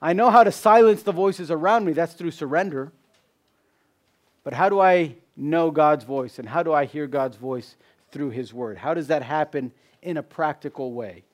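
A man preaching a sermon, asking rhetorical questions, repeating key phrases, and dropping from loud emphasis to hushed tones. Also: fairly high pitch, moderate pace. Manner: swings between loud emphasis and hushed drops.

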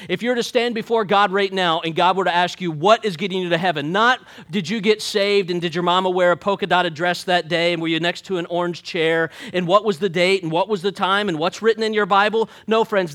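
Folksy preacher man. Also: high voice. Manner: folksy, joking, swings from soft asides to loud emphatic preaching. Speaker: pastor. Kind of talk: sermon.

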